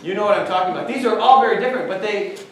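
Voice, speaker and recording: A man giving a university talk, telling an anecdote with animated delivery and questions tossed to the audience. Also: high voice, very fast, a little hiss or hum. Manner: animated storytelling, quizzes the audience. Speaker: guest speaker. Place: large lecture hall. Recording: echoey hall, far from mic.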